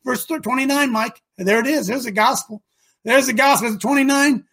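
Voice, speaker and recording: A man preaching a sermon, retelling a story with animated shouts and slangy asides. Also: extremely high pitch, fairly quick, creaky.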